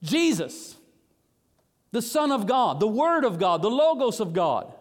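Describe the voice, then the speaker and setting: High-voiced preacher in a reverberant hall. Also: male voice, measured pace. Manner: animated preaching, rising to high emphatic bursts. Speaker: pastor. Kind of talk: sermon.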